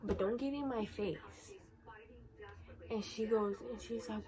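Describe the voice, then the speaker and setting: A woman's voice: on the high side, measured pace, pauses often, a crowd in the background, poor audio. A teenage girl retelling a school confrontation as a vlog storytime, acting out the quoted lines. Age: teens. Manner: animated retelling, acts out quoted dialogue. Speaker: vlogger.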